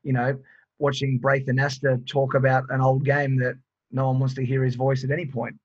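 A man's voice: mid-range voice, monotone, moderate pace, lo-fi sound. Aussie guy on a footy podcast, goofy joking around. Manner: jokey, goofy riffing. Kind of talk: casual sports chat.

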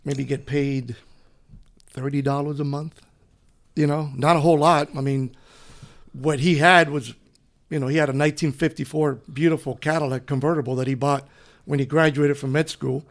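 A middle-aged man from Cuba, a retired police officer, telling his story in an interview in a relaxed, rambling way. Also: on the high side, normal speed. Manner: relaxed, rambling, often says "you know". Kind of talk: conversational storytelling.

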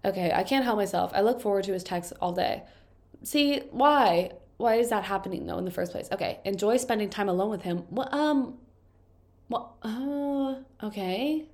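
A young woman talks in a casual, chatty way, her voice thick and congested from allergies. She reads posts aloud and drops quick, wry comments between them. Her pitch sits in the middle for a woman. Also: steady tone, vocal fry, darkish tone. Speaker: video host reading and reacting to confession posts.

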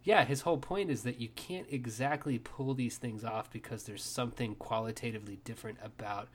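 A man's voice: mid-range voice, a little fast, hardly any pauses. A man chatting as a podcast guest, wandering from thread to thread with plenty of "like" and "kind of". His voice is mid-range. A faint background hiss runs under him. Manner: digressive, filler-heavy. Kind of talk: casual chat.

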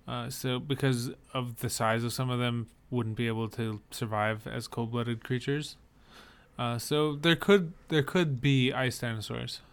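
A man's voice: medium pitch, fairly bright tone, smooth. A man co-hosting a podcast, chatting casually about movie trailers and explaining details with frequent restarts. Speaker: podcast co-host.

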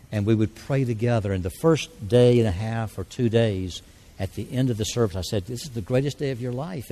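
Male preacher, mellow tone, folksy earnest storyteller, church service. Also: lowish voice. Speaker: church speaker. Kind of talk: sermon with altar call and mission stories.

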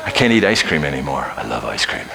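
Deep-voiced older preacher, loud to hushed. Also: male voice, big pitch swings, fast, creaky, noisy background. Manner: swings from loud shouting to hushed near-whispers; folksy and joking. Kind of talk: sermon.

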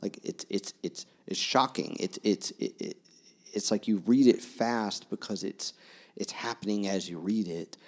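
A man with a fairly low voice co-hosts a podcast, speaking at a measured pace. He talks casually about a novel, with many restarts and fillers.

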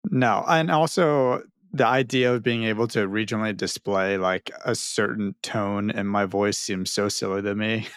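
A man co-hosting a podcast, talking in an animated, rambling way with laughs. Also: fairly low pitch, moderate pace, few pauses, clear, resonant tone, no echo, clean studio sound. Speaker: podcast co-host. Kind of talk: casual chat.

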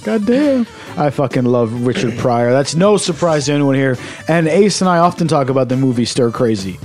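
A man's voice: medium pitch, fairly quick, darkish tone, soft background music. A man co-hosting a podcast, chatting loosely and swearing casually. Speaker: podcast co-host. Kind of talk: casual chat.

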